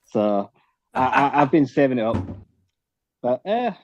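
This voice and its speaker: A man's voice: mid-range voice, sing-song, a little slow, lo-fi sound, a little hiss or hum. A man giving blunt, opinionated takes on a podcast panel, swearing freely. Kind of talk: casual chat.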